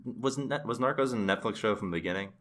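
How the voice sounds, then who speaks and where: Low-voiced bright podcast host, a man. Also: quick pace, slight background noise. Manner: dry, wraps things up. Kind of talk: casual chat.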